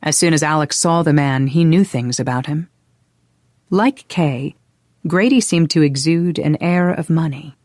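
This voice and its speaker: An audiobook narrator reading a historical romance in an even, unhurried way. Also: medium pitch, no room sound, clean studio sound. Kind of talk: scripted narration.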